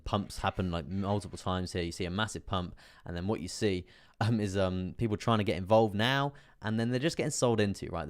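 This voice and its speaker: Gravelly low-voiced man streaming. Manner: casual, chatty, full of fillers and "guys". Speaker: crypto trading streamer. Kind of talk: live-stream commentary.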